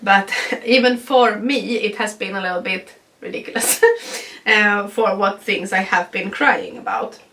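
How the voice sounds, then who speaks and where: A woman's voice: mid-range voice, steady tone, a little slow, pushed and bright, far from the mic. A young Swedish woman, not a native English speaker, with a stuffy nasal voice, chatting through a casual pregnancy update vlog with frequent ums and little laughs. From Sweden. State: stuffy nose. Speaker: vlogger.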